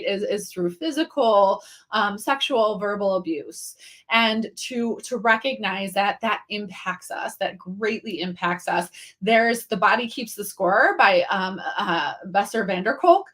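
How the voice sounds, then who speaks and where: A middle-aged woman with a mid-range, slightly bright voice leads a live online training. She talks casually, full of fillers and restarts, and greets viewers by name as she teaches on the stream.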